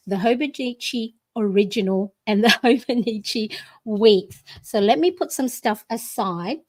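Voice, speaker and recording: A woman in her forties hosting a planner livestream from her home desk, chatty and bubbly, greeting viewers by name. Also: mid-range voice. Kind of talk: casual live-stream chat.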